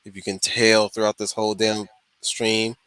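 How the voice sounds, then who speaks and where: A man's voice: on the low side, completely flat delivery, moderate pace, fairly bright tone, clean tone, rough recording. A man hosting a live stream discussion, blunt and swearing casually. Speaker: stream host. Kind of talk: casual podcast chat.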